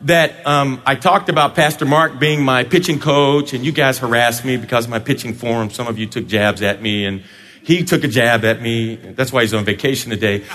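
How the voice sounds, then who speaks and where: A male pastor preaching a sermon in a church sanctuary, playful and animated, joking with his congregation. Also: medium pitch, moderate pace, big-room sound.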